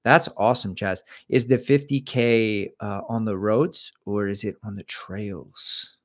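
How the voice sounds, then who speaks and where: A man's voice: lowish voice, fairly even intonation, measured pace. A middle-aged man hosting a casual livestream, reading out viewer comments and chatting in a rambling, self-deprecating way.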